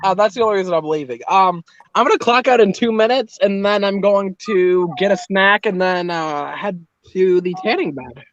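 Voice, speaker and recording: A man's voice: high voice, normal speed, hardly any pauses, fairly bright tone. A man joking around as a guest on a livestream call, playfully acting hurt. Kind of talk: casual chat. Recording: dull dry mic.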